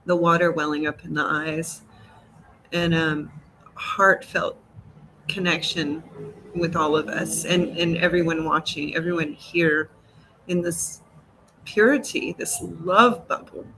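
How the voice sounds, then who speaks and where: A woman's voice: deep voice, fairly even intonation, slow pace, bright, forceful tone, a little hiss or hum, poor audio. A woman speaking fervently and with heartfelt feeling in a spiritual talk-show conversation over a video call, blunt at times. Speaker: co-host.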